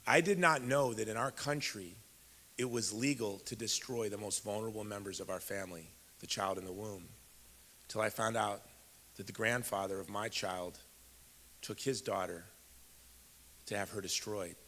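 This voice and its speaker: A man from Chicago, USA, in his fifties speaks at normal speed in a lowish, slightly bright voice during a keynote in a big, echoey event hall. He tells a personal story in a relaxed, conversational manner aimed straight at the audience.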